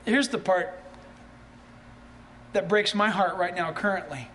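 Pastor preaching, really high bright voice, gets loud and fired up, bit of room hum behind. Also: male voice, measured pace. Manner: animated, rhetorical questions, rising to near shouts. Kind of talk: sermon.

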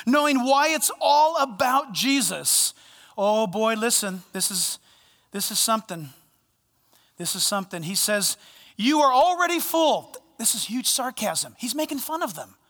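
A male pastor preaching a sermon, animated and playful, swinging between loud bursts and hushed asides. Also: very high-pitched, unhurried, long reverb tail. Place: church sanctuary.

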